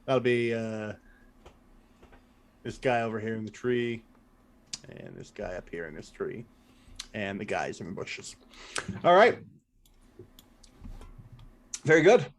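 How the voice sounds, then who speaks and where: A man acting as game master, chatting casually and thinking aloud while fiddling with game software. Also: lowish voice, animated, takes it slowly, long pauses. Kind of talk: running a tabletop game online.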